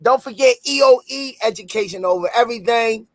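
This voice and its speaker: A man with a Baltimore accent hosting a casual podcast and reading sponsor shout-outs, loud and playful, breaking into high shouts when he jokes. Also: fairly quick, no echo. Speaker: podcast host.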